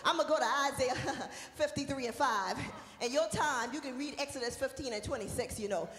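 A woman minister preaching a sermon, shouting and singing out praise at times and dropping to a soft, talking tone at others. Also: high-pitched, a little fast, roomy sound, in a large hall, faint music behind. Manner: shouts and sings out praise, then drops to a soft conversational tone.

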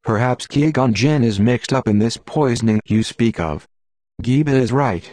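A man's voice: medium pitch, moderate pace, darkish tone, no room sound, natural voice. A man doing a scornful young prince. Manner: scornful, accusing.

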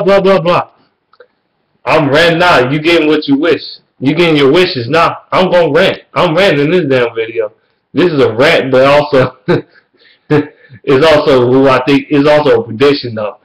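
A man vlogging a heated, profane sports rant, repeating himself and jumping up in pitch when he gets worked up. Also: low-quality recording. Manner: heated, profane, repetitive ranting; loud and animated.

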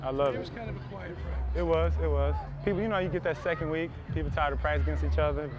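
A young man, a pro football wide receiver, joking and trash talking loudly at practice on a wireless body mic outdoors. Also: on the high side, fairly even intonation, quick pace, highs cut off. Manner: loud, joking, teasing trash talk. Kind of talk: mic'd up banter at practice.

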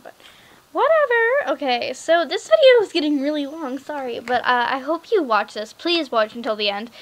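Chatty high-voiced teen girl. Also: fairly bright tone, rough recording. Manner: rambling, chatty, lots of fillers and "like". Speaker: gaming vlogger. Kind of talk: casual screen-recorded game chat.

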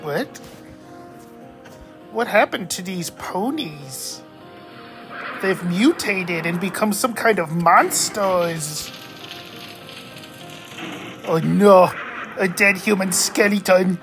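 Woman gaming host, excitable, slow-paced commentary, faint music behind. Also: on the low side. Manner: excitable, jokey, exclaiming. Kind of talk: casual gameplay commentary.

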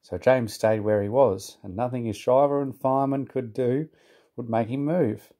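A man reading a children's storybook aloud in a calm, even manner. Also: mid-range voice, normal speed.

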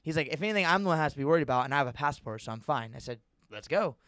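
Young man, casual podcast storytelling, rambling and profane, quick talker. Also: a little high, animated, fairly bright tone, dry recording, clean studio sound. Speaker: podcast host telling a story.

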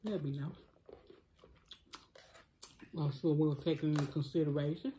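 A woman's voice: deep voice, moderate pace, dark tone, slight background noise, rough recording. A woman chatting casually to viewers while eating, laughing a lot. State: coughing, choked up. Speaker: cooking vlogger. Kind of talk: casual food challenge chat.

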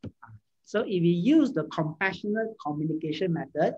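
A man talks through an informal lecture. His voice is husky. He hesitates often and restarts his sentences. The recording sounds dull and lo-fi. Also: sits high, expressive, moderate pace, warm tone. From Malaysia. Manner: hesitant, many fillers and restarts. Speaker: speaker answering audience questions.

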